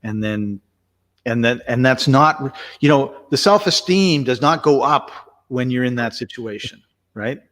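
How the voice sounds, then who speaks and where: A man's voice: mid-range voice, a little slow, fairly bright tone. A man chatting casually as co-host, telling a rambling story with lots of restarts. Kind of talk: casual conversational chat.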